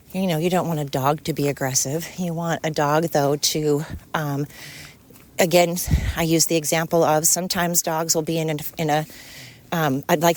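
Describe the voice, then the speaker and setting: A middle-aged woman talks on her own podcast in a loose, rambling monologue, her voice sitting a touch low. She is opinionated and chatty and drifts from point to point, slipping into quick little voices for the people she describes. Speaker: podcast host.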